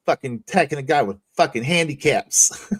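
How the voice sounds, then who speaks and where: A man's voice: fairly high pitch, animated, normal speed, fairly bright tone, breathy edge. A man hosting a casual livestream chat, telling profane stories and laughing often. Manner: profane, laughs a lot, storytelling. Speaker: stream host.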